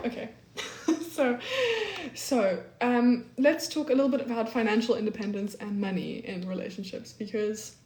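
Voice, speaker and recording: A woman's voice: mid-range voice, fairly quick, a little mellow. A young woman in her twenties chatting casually on a live stream, peppering her talk with "like" and reading comments aloud. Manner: chatty, peppers speech with "like", reads chat aloud. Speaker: livestream host. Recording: echoey room.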